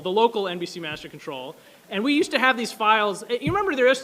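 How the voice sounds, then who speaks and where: High-voiced man telling a lively story. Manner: quick, animated, many fillers. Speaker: speaker at an anniversary event. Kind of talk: casual storytelling talk.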